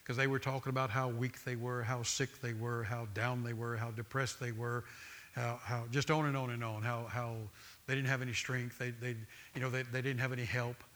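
A man's voice: medium pitch, little pitch movement, fairly quick, a bit bright. A man preaching a sermon, with an emphatic, repetitive cadence that builds through lists of phrases.

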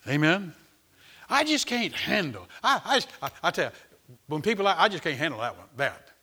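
An older man preaching a sermon as pastor, repeating phrases and swinging from loud to hushed. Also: on the high side, very animated, normal speed.

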